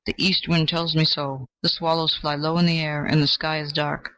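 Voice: mid-range voice, flat delivery, moderate pace, bright, forceful tone, dry recording, poor audio. An old oak tree speaks solemnly and lovingly, in old-fashioned words, like a protector out of a storybook, voiced by the narrator. The sound is close and dry. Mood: protective. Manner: solemn, archaic. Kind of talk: storybook reading.

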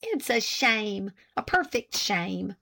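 A woman voicing a kind young female schoolteacher with a warm, earnest way of talking. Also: medium pitch, big pitch swings, slow, creaky, exaggerated voice. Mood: indignant.

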